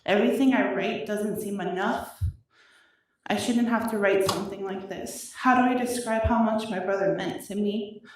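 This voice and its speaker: A woman reading her own victim impact statement aloud in a courtroom, emotional and halting, her voice wavering with grief. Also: mid-range voice, a little hiss or hum. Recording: echoey courtroom audio from far off.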